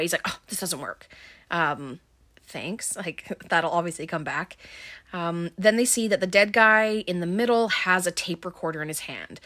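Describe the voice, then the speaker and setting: A woman's voice: lowish voice, fairly bright tone. A woman casually recapping a movie plot, chatty and filled with ums and likes, with wry offhand asides. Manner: chatty, heavy on filler words.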